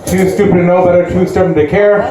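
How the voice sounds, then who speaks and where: A man's voice: sits high, flat delivery, fast, a crowd in the background. A man from Chicago doing a self-deprecating stand-up comedy set, with many likes and uhs. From West Side Chicago. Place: comedy club stage. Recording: echoey comedy club sound. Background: audience laughter.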